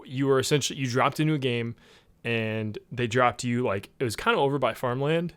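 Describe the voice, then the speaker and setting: A man co-hosting a casual gaming podcast, talking in a rambling way with lots of fillers and getting excited about the game. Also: medium pitch, fairly quick, clear, resonant tone, no room sound. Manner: rambling, with many fillers and restarts. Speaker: podcast co-host.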